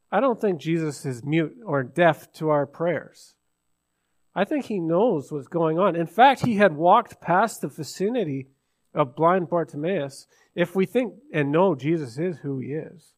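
A man preaching a sermon, asking the listeners questions and swinging between hushed asides and loud, stressed lines. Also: fairly high pitch.

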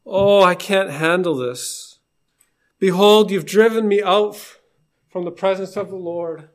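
A man's voice: high-pitched, a little slow, pitched above the performer's own voice. A man voicing despairing Cain. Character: despairing biblical murderer Cain, adult man.

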